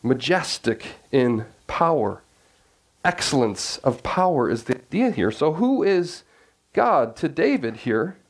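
A man's voice: medium pitch, sing-song, slow pace. A man preaching a sermon as pastor, earnest, often restarting phrases and asking the congregation questions.

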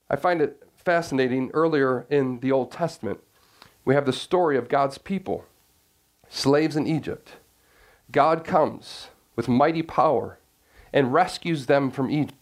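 Earnest pastor, man with higher voice. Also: moderate pace. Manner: earnest, repeats and restarts phrases, questions the congregation. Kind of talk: sermon.

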